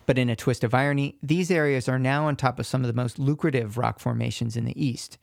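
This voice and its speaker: A man narrating a radio news feature in a measured, scripted reporting style. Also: mid-range voice, steady tone, vocal fry, no echo, clean studio sound.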